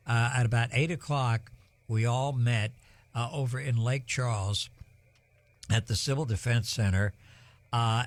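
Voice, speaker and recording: A man's voice: mid-range voice, no echo. Older male broadcaster, rambling folksy storyteller, dry close studio sound. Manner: rambling, many ums and uhs, folksy. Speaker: broadcast weather host. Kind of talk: live storm coverage, storytelling.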